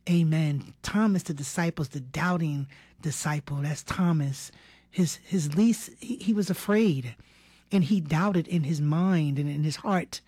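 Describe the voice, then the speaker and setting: A woman's voice: low-pitched, unhurried, warm tone, breathy edge, no room sound. A woman preaching a sermon in an earnest way, repeating words and often dropping to a whisper for key phrases.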